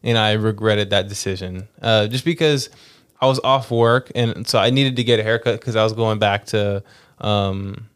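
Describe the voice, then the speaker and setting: A young man co-hosting a casual podcast, his voice smooth and resonant. He rambles through stories in a laid-back way, often restarting his sentences. The sound is dry and close, with little room echo. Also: on the low side, moderate pace. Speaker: podcast co-host. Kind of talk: casual chat.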